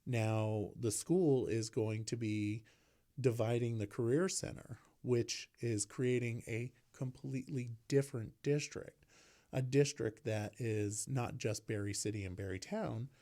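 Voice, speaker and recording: A man from Vermont co-hosting a casual local politics talk show, speaking haltingly with many restarts. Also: medium pitch, fairly even intonation, dark tone. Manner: halting, restarts, frequent fillers. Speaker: local podcast co-host, city councilor.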